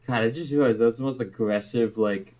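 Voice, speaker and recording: A man's voice: medium pitch, fairly quick, dark tone, lo-fi sound. Hesitant young man in casual podcast banter. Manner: hesitant, joking reactions. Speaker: podcast co-host. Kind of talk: casual chat.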